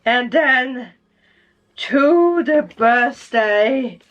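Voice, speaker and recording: A woman's voice: sits high, animated, extremely slow, muffled recording, soft background music. A woman vlogger unboxing gifts, giggly and tearful, gushing with happy emotion. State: crying happily. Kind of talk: emotional gift unboxing vlog.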